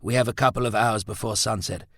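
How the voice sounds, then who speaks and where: Stern strained gentleman, read by a man, clipped speech, low dry voice. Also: steady tone, fast talker, gravelly, dry recording. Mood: tired. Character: older brother, stern, frightened gentleman.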